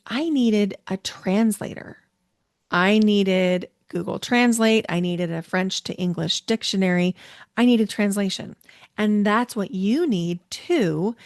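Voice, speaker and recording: A woman's voice: mid-range voice, no echo. Chatty woman podcast host, dry sound. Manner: chatty and self-deprecating, tells personal stories. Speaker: podcast host and intuition coach. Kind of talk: solo podcast teaching talk.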